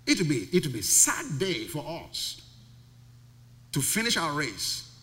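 A man's voice: on the high side, huge pitch swings, unhurried, bright, forceful tone. A male pastor preaching a sermon, emphatic and full of rhetorical questions. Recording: long reverb of a large hall.

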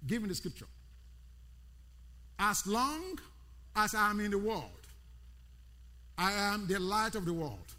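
A man's voice: sits high, very animated, slow pace, pauses often, bright, forceful tone. A man preaching a sermon, repeating key words with rising emphasis and calling out to his congregation. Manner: calls out to the congregation by name. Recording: long hall reverb.

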